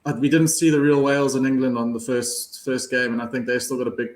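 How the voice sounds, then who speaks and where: A man's voice: medium pitch, flat delivery, fast, roomy sound. A man on a betting panel giving his picks in casual chat, often restarting his sentences. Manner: hesitant, many restarts.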